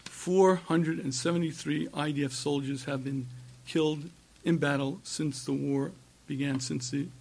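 A middle-aged man giving an impassioned religious lecture, emphatic and repetitive, with rhetorical questions and frequent throat-clearing. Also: a little high, steady tone, a little slow, darkish tone. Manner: emphatic, rhetorical questions, repeats phrases for force. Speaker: rabbi giving a talk.

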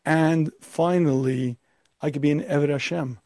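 A man teaching Torah as a rabbi, emphatic and full of rhetorical questions. His voice sits a little high but sounds mellow and soft-edged, and the recording is dry and close. He sometimes slips into a pompous, self-important voice to make his point. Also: steady tone, unhurried, no room sound. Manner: acts out a pompous, arrogant voice. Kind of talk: Torah lecture.

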